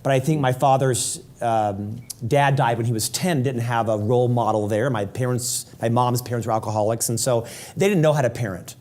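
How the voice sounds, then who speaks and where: A man's voice: medium pitch, moderate pace, a little mellow. Thoughtful man asking interview questions.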